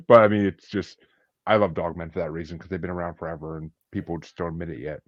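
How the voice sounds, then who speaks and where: A man's voice: low voice, lively intonation, fast talker, lo-fi sound. A man who hosts a podcast, chatting casually, joking and swearing freely. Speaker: podcast host. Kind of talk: casual chat.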